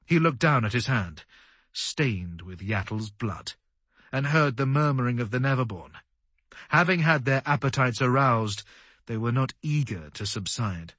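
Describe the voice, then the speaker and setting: A man narrating an audiobook in a dramatic, animated storytelling manner. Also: mid-range voice, unhurried, no room sound. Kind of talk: scripted narration.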